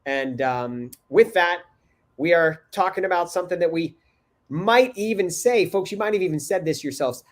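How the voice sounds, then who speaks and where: A man hosting a parenting talk show, speaking casually and haltingly, repeating words as he goes. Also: sits high, lively intonation. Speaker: podcast host.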